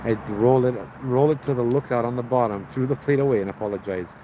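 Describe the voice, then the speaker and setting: A man's voice: fast talker, a little hiss or hum, low-quality recording. Man with a Hawaiian Pidgin accent telling stories. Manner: animated, acts out voices in high pitch. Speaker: host telling ghost stories. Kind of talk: casual storytelling livestream.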